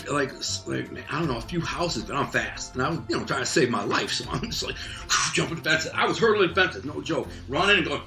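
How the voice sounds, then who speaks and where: Guest, man from Detroit, bright and forceful voice, vivid street-story delivery, faint music under. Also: mid-range voice. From Detroit, United States. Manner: vivid, animated retelling peppered with "man" and "like". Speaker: interview guest telling a life story. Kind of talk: casual spoken storytelling.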